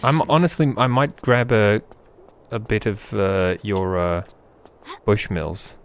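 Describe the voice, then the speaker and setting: A man with an Irish accent chatting casually while playing a retro game, cursing and shouting at it. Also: fairly low pitch, takes it slowly, a little hiss or hum. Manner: sweary, excitable outbursts while playing. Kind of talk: casual gaming chat.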